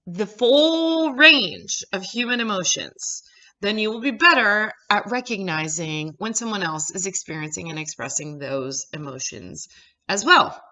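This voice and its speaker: A woman's voice: mid-range voice, bright, forceful tone, low-quality recording. A woman psychologist in her thirties, chatty and upbeat, explaining ideas step by step to her viewers. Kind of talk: casual educational talk to camera.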